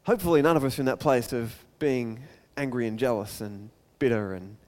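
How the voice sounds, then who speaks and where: A man preaching a sermon, telling the story with lively acted-out voices. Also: medium pitch, brisk. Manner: animated storytelling, acts out crowd voices. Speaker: pastor. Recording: long hall reverb.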